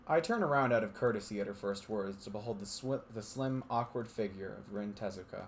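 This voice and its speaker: Fairly low in pitch and fairly quick, his voice comes with a little hiss or hum. He reads visual novel narration aloud on a stream with friends, keeping a steady delivery before laughing and bantering between passages.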